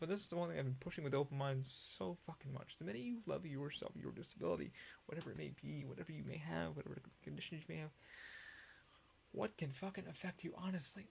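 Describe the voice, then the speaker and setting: A gravelly-voiced man rambles through a solo podcast, hopping from one thought to the next and swearing freely. His voice sits a little high for a man, and he stumbles and restarts his sentences as he goes. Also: darkish tone. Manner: profane, rambling, restarts often. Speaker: podcast host.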